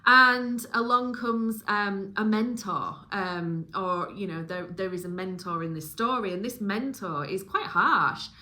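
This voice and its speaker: A woman's voice: medium pitch, measured pace, hardly any pauses, sharp tone. A middle-aged woman with a Yorkshire accent, musing through a solo book talk with many restarts and fillers. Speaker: book reviewer.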